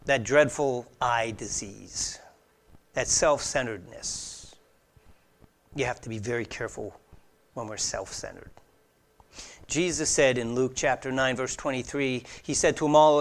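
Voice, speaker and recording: A man preaching an earnest expository sermon, emphatic and conversational, swinging between loud declarations and hushed asides. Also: mid-range voice, normal speed. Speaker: pastor.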